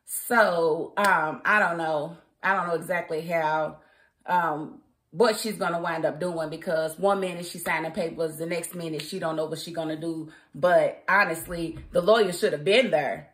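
A woman's voice: lowish voice, moderate pace. Chatty opinionated woman reviewer. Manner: chatty and opinionated, laughs often, mimics characters. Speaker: TV show reviewer. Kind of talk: casual spoken review.

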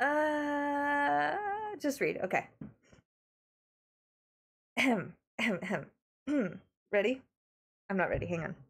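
Giggly Australian woman streamer, gravelly. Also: high voice, animated, takes it slowly, pauses often. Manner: giggly, flustered, talks to chat. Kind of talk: casual live-stream chat.

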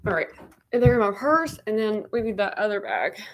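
A woman's voice: mid-range voice, very animated, brisk, low-quality recording. A young woman hosting a fashion livestream, chatting casually and a bit scattered as she hunts for things for her viewers. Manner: scattered, talks to viewers while hunting for things. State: out of breath.

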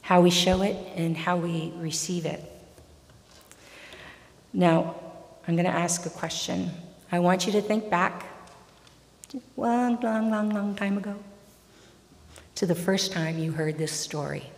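A woman's voice: on the low side, measured pace, vocal fry, long pauses. Woman preaching in a reverberant church. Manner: expressive storytelling. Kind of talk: sermon and scripture reading. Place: large church.

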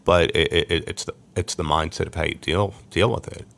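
A man, a podcast guest, telling his life story in a lively way and acting out the voices of people he quotes. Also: sits low, brisk, gravelly. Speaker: podcast guest, sports agent. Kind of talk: storytelling interview.

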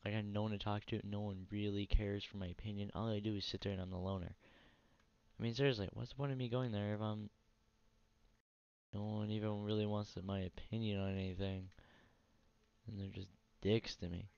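A fairly low, creaky, darkish voice with a clean tone and little pitch movement belongs to a tired gaming channel host speaking fairly quickly. He profanely and bluntly rants about his own console play in casual let's play commentary. The dull lo-fi mic sounds dry, with no room sound.

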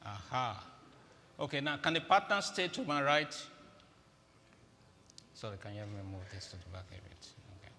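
A man's voice: medium pitch, big pitch swings, moderate pace, pauses often, pushed and bright, slight background noise. A man giving a humorous, interactive sermon, directing volunteers on stage in a large auditorium. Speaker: guest preacher. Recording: echoey hall with faint ambience.

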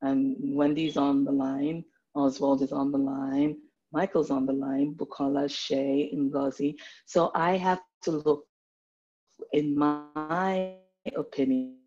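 A woman of Nigerian background speaking as a doctor on an online panel, animated and fond of slipping into put-on accents. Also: low voice, slow pace, faint music behind. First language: Nigerian English background. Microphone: video call. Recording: muffled video call audio.

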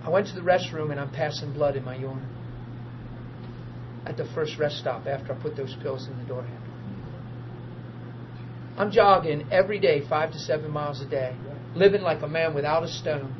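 A high-pitched man preaching in an animated storytelling way, acting out voices as he goes. The recording is dull and lo-fi, with a steady noisy hiss behind him. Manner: animated storyteller, acts out dialogue, laughs easily. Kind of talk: testimony-driven sermon.

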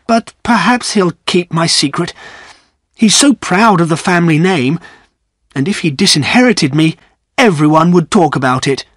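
A man voicing a young gentleman in an audiobook, anxious and quick to anger, speaking in a raised, bitter tone. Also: on the high side, lively intonation, dry recording, studio quality, pitched above the performer's own voice. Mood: worried. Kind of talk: graded-reader audiobook reading.

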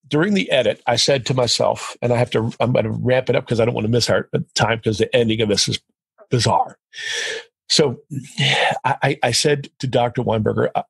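A husky, gravelly middle-aged man recounts a story as a podcast guest. He acts out what others said as he goes. His voice sounds close and dry. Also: mid-range voice, dry recording. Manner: animated, quotes others in dialogue. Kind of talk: storytelling in conversation.

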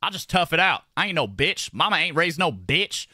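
A man's voice: on the high side, very animated, normal speed, sharp tone, no room sound, clean studio sound. A young man chatting casually on a livestream while doing his makeup, talking in a profane, slangy, rambling way and repeating his phrases. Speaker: streamer.

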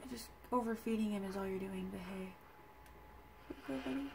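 A woman's voice: mid-range voice, fairly quick, creaky, darkish tone, slight background noise. A young woman giving let's play commentary, cooing at her companion creature and swearing freely. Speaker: gamer. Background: game music.

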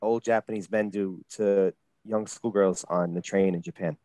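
A man's voice: low voice, fairly even intonation, normal speed, dark tone, no echo. A man co-hosting a podcast, cutting in with blunt, crude heckles. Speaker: podcast co-host. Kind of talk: casual banter.

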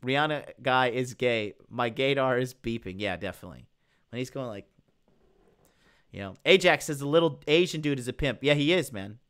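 A man's voice: mid-range voice, animated, moderate pace, a bit bright, clean tone. A young man hosting a live stream, reacting to a video and reading chat aloud in a crude, mocking way and laughing often. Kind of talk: casual live-stream commentary.

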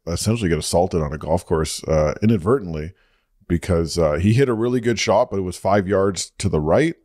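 A man's voice: sits low, a little fast, a little mellow, dry recording, studio quality. A man co-hosting a podcast in casual chat, laid-back and teasing, often trailing off and restarting. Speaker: podcast co-host.

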